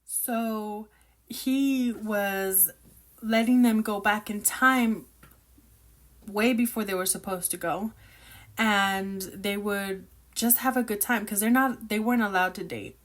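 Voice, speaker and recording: A woman rambles through her thoughts on a novel in a casual, chatty way. She is excitable and opinionated, her voice sitting at an ordinary middle pitch. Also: slow pace. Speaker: book reviewer reacting while reading. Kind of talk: casual book reaction chat.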